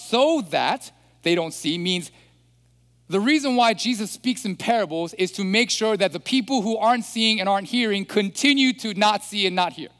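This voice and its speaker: Male pastor giving a chatty sermon, a touch high-pitched, recorded in a reverberant hall. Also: fairly bright tone. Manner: chatty, asks listeners questions.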